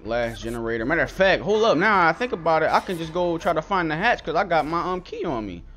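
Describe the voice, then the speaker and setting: A young man giving live, excitable commentary on his own gameplay, swearing often and calling everyone bro. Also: on the high side, fast. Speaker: gameplay streamer.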